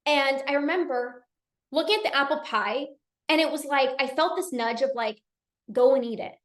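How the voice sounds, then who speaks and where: A woman coach talking casually in a live session, energetic and chatty with many restarts. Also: high voice, moderate pace, echoey room. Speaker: binge eating coach hosting a live session. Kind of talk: casual live-stream talk.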